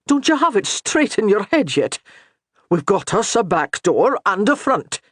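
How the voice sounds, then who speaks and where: A woman's voice: mid-range voice, big pitch swings, a little slow, no room sound, studio quality, pitched above the performer's own voice. A woman doing a blunt clan soldier. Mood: lecturing.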